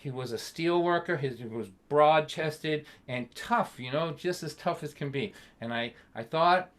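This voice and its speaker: Animated male storyteller, lively pitch. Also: a little slow. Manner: animated, acts out voices. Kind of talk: comic storytelling to camera. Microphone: camera mic.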